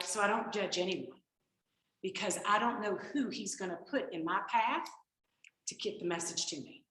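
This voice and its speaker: A woman gives a personal recovery testimony to a group, telling stories and acting out the conversations she quotes. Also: medium pitch. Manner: animated storytelling, acts out quoted exchanges. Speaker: recovery speaker. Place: meeting room. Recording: echoey room.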